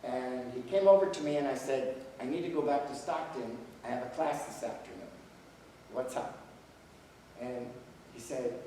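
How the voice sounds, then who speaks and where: A man's voice: medium pitch, unhurried, pauses often, warm tone, slight background noise. An older man lecturing in a folksy way, telling stories full of quoted dialogue. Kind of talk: storytelling lecture. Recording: echoey hall, voice from far off.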